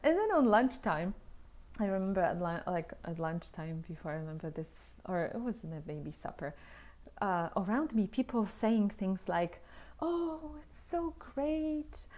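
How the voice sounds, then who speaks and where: A woman casually telling her own story to camera at home. She talks chattily, with restarts and frequent exclamations, and often drops into soft, half-whispered asides. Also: fairly low pitch, expressive, moderate pace.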